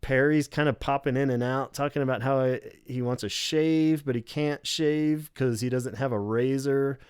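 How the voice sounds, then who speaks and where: A man's voice: medium pitch, steady tone, normal speed, darkish tone, clear, resonant tone, dry recording, clean studio sound. A man hosting a podcast in casual chat, a rambling storyteller who swears freely and acts out quotes. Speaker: podcast host.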